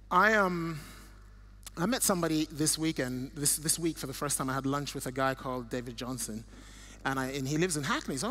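With a fairly high pitch and a fairly quick delivery, a middle-aged Nigerian guest speaker tells stories during a church talk accompanied by slides. He's earnest and warm, often starting sentences over.

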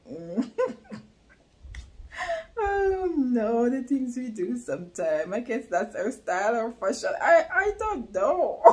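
A woman hosting a reaction video, giggling and exclaiming in disbelief between laughs. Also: a little high. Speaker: reaction channel host. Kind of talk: reaction commentary.

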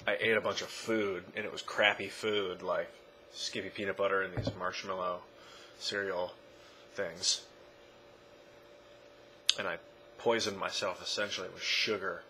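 A man talking casually to his camera in a rambling way, correcting himself and often trailing off quietly. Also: deep voice, little pitch movement, measured pace, pauses often, slight background noise, poor audio. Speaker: vlogger. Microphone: camera mic.

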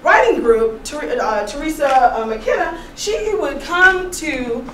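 A woman giving an informal seminar presentation to a room, chatty and animated, telling stories with laughs. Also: sits high, slow. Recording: roomy echo, distant mic, faint noise.

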